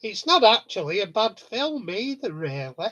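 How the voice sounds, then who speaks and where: A man's voice: high voice, big pitch swings, moderate pace, pushed and bright. A man chatting casually on a live stream, telling rambling stories with frequent chuckles. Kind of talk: casual chat with viewers.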